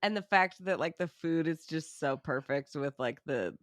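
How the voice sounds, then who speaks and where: A woman co-hosting a casual film review chat, animated and swearing casually as she acts out quotes. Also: deep voice, moderate pace, no echo, studio quality. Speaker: podcast co-host.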